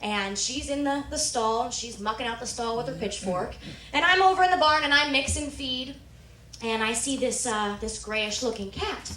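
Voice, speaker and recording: A young woman from Nebraska doing a stand-up routine, telling animated stories and jumping high when she quotes people. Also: normal speed, a little hiss or hum. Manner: animated storytelling, squeals quoted lines high. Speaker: stand-up comedian. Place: comedy club stage. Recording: echoey room, mic from far off.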